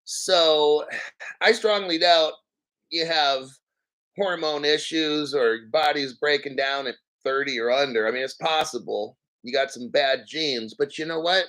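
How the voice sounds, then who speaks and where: Male, 50s, slightly high-pitched; loose, mocking, profanity-heavy channel-host rant. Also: measured pace, a bit bright. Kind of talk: casual unscripted rant to viewers.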